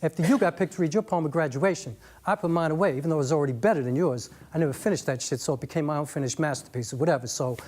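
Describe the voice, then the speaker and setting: A man voicing a young army veteran who tells a long story in a lower, laid-back, rambling way in a spoken-word monologue. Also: racing, few pauses, darkish tone, lightly acted. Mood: wry.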